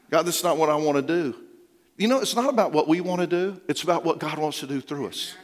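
A middle-aged man preaching a sermon as a pastor, telling stories with hushed quoted lines and rising urgency. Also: on the high side, a little fast. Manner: storytelling, dropping to a hushed voice for quoted lines and rising when urging. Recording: long reverb of a large hall.

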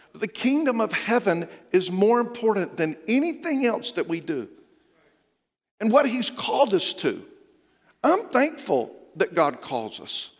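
A middle-aged man preaching a sermon as a pastor, telling stories with hushed quoted lines and rising urgency. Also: high-pitched. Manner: storytelling, dropping to a hushed voice for quoted lines and rising when urging. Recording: long reverb of a large hall.

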